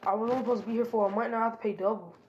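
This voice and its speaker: A woman's voice: a little high, steady tone, very fast, dull audio, background noise, lightly acted. Woman doing a smug teenage ninja boy. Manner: smug, taunting.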